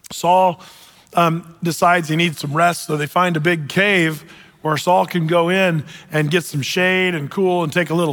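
A male pastor preaching a sermon, telling the story in an animated way with joking asides. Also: fairly high pitch. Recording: long hall reverb.

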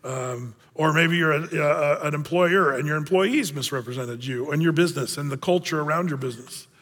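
A man's voice: fairly high pitch, moderate pace, fairly bright tone, big-room sound. A man preaching a sermon as a pastor, in a conversational way with joking asides.

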